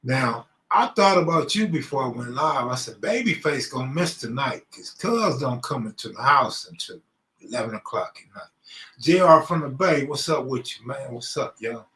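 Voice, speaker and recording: A man from Los Angeles hosts a casual live stream by himself, chatting straight to his viewers in loose street slang. His voice sits at an ordinary pitch and rings a bit in an echoey room. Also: lively intonation, normal speed, bright, forceful tone. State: out of breath. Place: room at home, alone.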